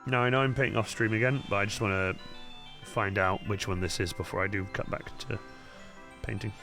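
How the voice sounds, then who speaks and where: Over faint background music, a young man livestreams his cosplay painting on a studio microphone, chatting loosely, cursing nonstop and muttering to himself. His voice runs on the low side with fairly even intonation and a slightly fast pace.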